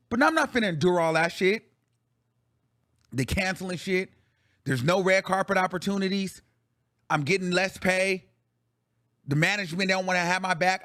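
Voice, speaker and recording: A man's voice: high-pitched, moderate pace, pauses often, sharp tone, dry recording, studio quality. A man hosting his own show, ranting bluntly and profanely in heated commentary. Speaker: talk show host.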